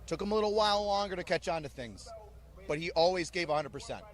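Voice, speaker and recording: A man's voice: high-pitched, fast. A man who works as an army drill sergeant, telling blunt, joking stories in an interview. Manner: animated, blunt, joking storyteller. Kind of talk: storytelling in an interview.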